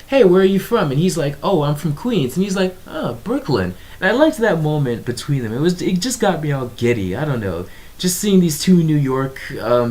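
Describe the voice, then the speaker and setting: A young man rambles through a casual movie review with a lively, swinging pitch and plenty of ums. He sounds exasperated and talks in a loose, unscripted way. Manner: animated, exasperated, filler-heavy with frequent ums. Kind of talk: casual video review monologue.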